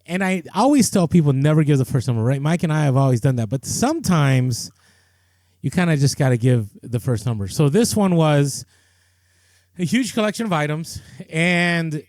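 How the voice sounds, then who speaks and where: A man's voice: on the high side, expressive, moderate pace, darkish tone, dry recording. A man co-hosting a podcast, telling a story in a loose, chatty way with lots of fillers and restarts. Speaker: podcast co-host. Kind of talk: casual storytelling chat.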